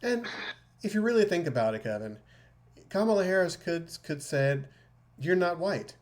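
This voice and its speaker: A man's voice: high voice, animated, moderate pace. A man co-hosting a podcast in casual political chat, talking emphatically and acting out remarks he quotes. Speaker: podcast co-host.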